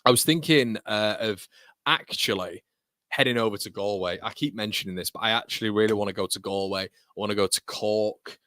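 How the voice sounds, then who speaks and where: A man's voice: lowish voice, brisk, sharp tone, dry recording, clean studio sound. A young man hosting a live football watchalong stream, chatting casually and reading viewers' comments with banter and laughter.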